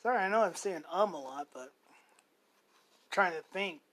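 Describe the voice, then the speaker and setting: A man in his forties hosts an unscripted monologue, rambling, swearing freely, and constantly correcting himself amid plenty of fillers. His voice sits high and is expressive and slightly bright, moving at a somewhat slow pace.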